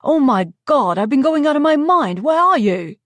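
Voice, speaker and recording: A woman's voice: medium pitch, normal speed, gravelly, no room sound, natural voice. A woman reading the lines of a worried male coworker in an audiobook, sounding urgent and concerned. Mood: anxious. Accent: Australian, as written. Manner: urgent, then softening. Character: worried man, coworker of the heroine.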